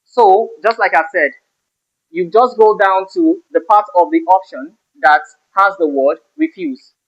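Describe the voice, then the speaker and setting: High-voiced teacher. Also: male voice, lively intonation, measured pace. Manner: stresses key words sharply when giving examples. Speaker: English teacher. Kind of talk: exam-prep lesson. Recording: slightly dull lo-fi sound.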